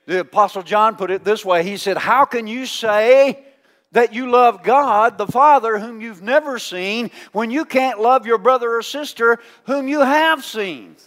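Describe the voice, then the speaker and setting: A male pastor preaching a folksy, teasing sermon, swinging between loud calls and hushed asides. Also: very high voice, unhurried, in a large hall.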